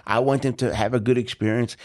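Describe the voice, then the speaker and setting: A man's voice: mid-range voice, fairly even intonation, fast talker, darkish tone. Emphatic man talking about training salespeople. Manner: emphatic, confident, repeats himself. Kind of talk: casual interview chat.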